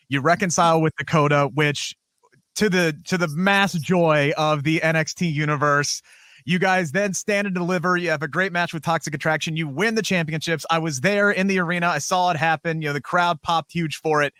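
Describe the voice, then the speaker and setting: A man's voice: on the high side, a little fast, pushed and bright, no room sound. A man hosting a wrestling podcast, asking long, chatty questions in a casual interview.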